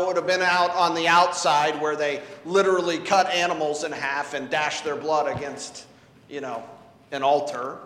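A man delivers a sermon in a high voice and a slow, conversational pace, asking his listeners questions and leaning on words for emphasis. He is recorded in a church sanctuary, and his voice rings through a roomy hall with a long reverb tail. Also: a bit bright. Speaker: preacher.

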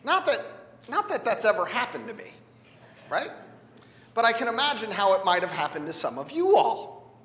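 A man's voice: sits high, sing-song, normal speed, long pauses, fairly bright tone. A man preaching a sermon in a conversational, playful way, drawing responses from his congregation in a church. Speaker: pastor. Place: church sanctuary. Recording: echoey hall.

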